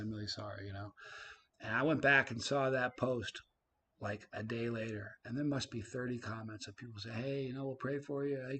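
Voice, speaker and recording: Male live-stream host, mid-pitched, chatty, reads comments aloud. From Canada. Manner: chatty, reads viewer comments aloud, swings loud and quiet. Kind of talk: casual live stream chat.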